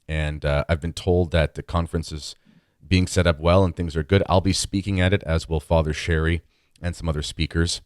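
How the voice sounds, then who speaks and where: A man's voice: sits low, fairly even intonation, a little fast, dry recording, clean studio sound. A man hosting a podcast in a chatty, self-deprecating conversational way. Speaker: podcast host.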